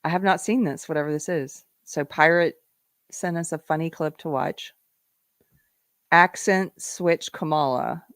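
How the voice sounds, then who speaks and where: A woman hosts a live-stream show, chatting casually and answering viewer comments. Her voice sits a little low. The sound is dry and close. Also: measured pace, a bit bright, no room sound. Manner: casual, chatty, laughs often. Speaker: host.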